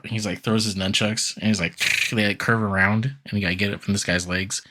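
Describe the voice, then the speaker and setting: A man's voice: on the low side, fairly even intonation, a little fast, few pauses, very noisy. A man co-hosting a podcast, chatting through a casual cartoon episode recap and laughing often. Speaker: podcast co-host.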